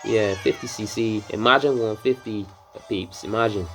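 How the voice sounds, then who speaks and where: A man's voice: lowish voice, steady tone, moderate pace, a bit bright, soft background music. A man from Barbados giving casual, rambling commentary while playing a racing game, drifting into swearing rants. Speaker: gameplay commentator.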